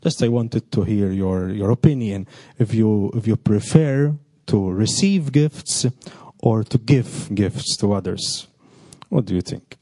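A man who is a priest with a non-native English accent. He reads a gospel passage, then gently questions children, ending his sentences with tag words. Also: fairly low pitch, a little slow, no room sound. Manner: gentle, coaxing, repeats questions, ends with "no?" and "okay?".

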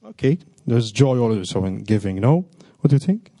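A man who is a priest with a non-native English accent. He reads a gospel passage, then gently questions children, ending his sentences with tag words. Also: mid-range voice, big pitch swings, normal speed, dry recording. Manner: gentle, coaxing, repeats questions, ends with "no?" and "okay?".

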